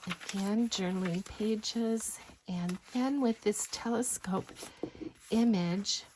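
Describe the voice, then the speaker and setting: A woman narrating a craft journal flip-through in a gentle voice that often drops into a breathy whisper. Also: mid-range voice, slow. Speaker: craft designer showing a journal. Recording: faint background noise.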